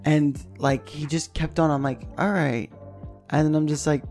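Gravelly man telling a rowdy story. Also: fairly high pitch, moderate pace, soft background music. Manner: profane, animated storytelling, acts out voices. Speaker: podcast co-host. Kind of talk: casual storytelling chat.

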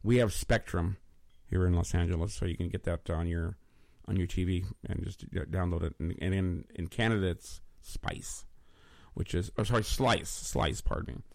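A man's voice: low-pitched, fairly even intonation, moderate pace, gravelly, a little mellow, no room sound, clean studio sound. A man hosting a casual talk show, rambling with many restarts and repeated words as he chats and introduces a guest. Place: studio in Los Angeles.

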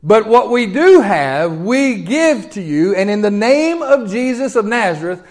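A preacher voicing a bold commanding apostle. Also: male voice, high-pitched, big pitch swings, measured pace, voice pushed up, heavily acted.

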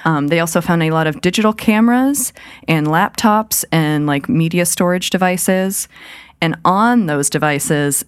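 A woman co-hosting a horror podcast, relaying a crime news story in a relaxed, chatty way with lots of filler words. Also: low-pitched, clean tone, dry recording, studio quality. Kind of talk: casual podcast chat.

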